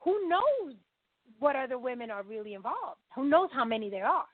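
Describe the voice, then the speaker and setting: A woman guest on a podcast, telling a long story and acting out the dialogue in lively quoted voices. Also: high voice, normal speed, no room sound. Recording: dry phone-line sound.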